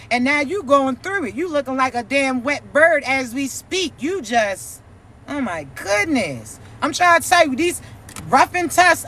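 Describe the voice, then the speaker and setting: A woman's voice: high-pitched, pushed and bright, slight background noise. A woman giving a profane, preachy, mocking vlog rant as a spiritual content creator.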